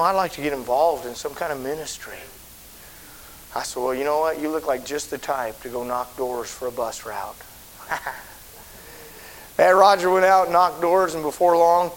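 Casting note: middle-aged male pastor, folksy storyteller, slightly high voice, faint tape hiss. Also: poor audio. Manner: folksy storytelling, swelling to shouted preaching. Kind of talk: sermon storytelling. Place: church auditorium.

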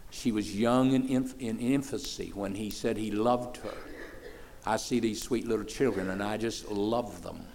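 A man in his sixties, a pastor preaching a sermon in church, folksy and plain-spoken, swelling loud for praise and then dropping low and soft. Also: unhurried, creaky, slight background noise. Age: 60s.

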